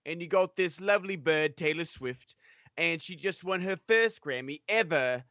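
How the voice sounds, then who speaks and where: A man putting on a rowdy British-Australian bloke who swears and gossips, his pitch jumping up and down. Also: very animated, measured pace, pushed and bright, dry recording, exaggerated voice. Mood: mocking. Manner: swearing, slangy, swinging between high and low pitch. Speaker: panelist.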